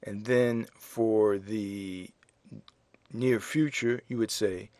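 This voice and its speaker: A man teaching a French lesson in English, explaining grammar slowly and spelling out words letter by letter. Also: fairly low pitch, fairly even intonation, darkish tone, no room sound. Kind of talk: slow classroom explanation.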